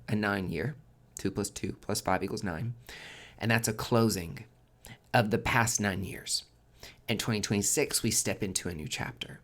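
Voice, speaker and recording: A man hosting a casual tarot forecast, chatty and expressive, swearing freely and swinging between loud emphasis and soft near-whispers. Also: fairly low pitch. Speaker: tarot reader and podcast host.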